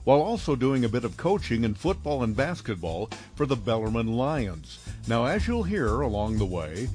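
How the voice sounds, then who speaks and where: A man hosting a podcast, reading a wry scripted introduction with lively delivery. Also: mid-range voice. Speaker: podcast host.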